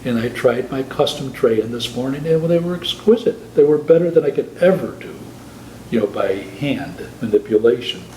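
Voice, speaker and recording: An older man, a guest prosthodontist in an interview, talking in a thoughtful, halting way with many restarts. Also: medium pitch, expressive, a little mellow. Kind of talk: conversational interview. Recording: roomy echo with faint hiss.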